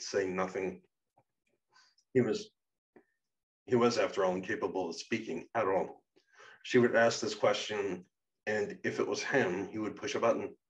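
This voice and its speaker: A man reading his own memoir aloud in a measured, serious way. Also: fairly low pitch, recorded from a distance, muffled recording. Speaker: narrator and author. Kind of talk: memoir narration.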